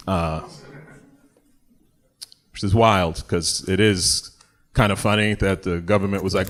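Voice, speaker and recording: With a low voice and a steady tone, a man performs stand-up slowly, pausing often. He keeps things conversational but bursts into loud shouted bits to act out voices, and a little hiss or hum runs under the recording.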